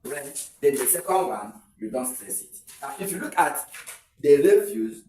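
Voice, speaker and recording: A man's voice: mid-range voice, animated, a little slow, a little mellow, recorded from a distance, a little hiss or hum. Man teaching word stress. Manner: repeats words with shifted stress, gives example sentences. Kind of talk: exam-prep English lesson. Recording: echoey room, voice away from the mic.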